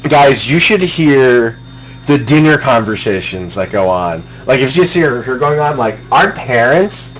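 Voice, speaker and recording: A man's voice: mid-range voice, very animated, measured pace, poor audio. A young man chatting casually while playing a game, laid-back and rambling. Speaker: speedrun streamer. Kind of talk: casual chat during gameplay. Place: home room at a computer.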